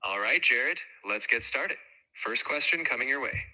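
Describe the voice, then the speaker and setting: A man's voice: medium pitch, expressive, normal speed, sharp tone, low-quality recording. A synthetic male assistant voice acting as co-host, upbeat, eager and agreeable in its replies. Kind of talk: scripted-sounding assistant replies.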